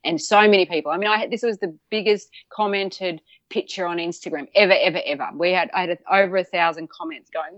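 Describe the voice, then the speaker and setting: A woman recounts a personal fight in blunt, heartfelt storytelling, with plenty of swearing and repetition for emphasis. Her voice sits a little low. The recording is dry and slightly dull. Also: quick pace, hardly any pauses, fairly bright tone, no echo. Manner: candid, swears freely, repeats herself for emphasis. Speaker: guest campaigner.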